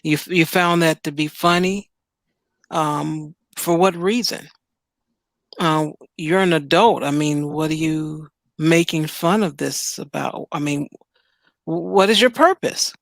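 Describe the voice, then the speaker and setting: A woman's voice: low voice, a little slow, gravelly, dry recording. A woman hosting a livestream advice show, blunt and full of probing questions.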